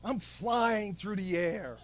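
A man preaching who acts out a dreamy man imagining himself as anything, marveling and playful in a soft voice. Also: high-pitched, animated, slow pace, voice pushed down.

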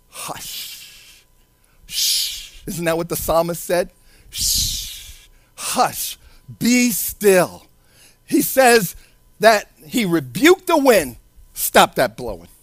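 A man's voice: high voice, no echo. A man preaching a sermon in a sing-song cadence, acting out the voices in the story he tells.

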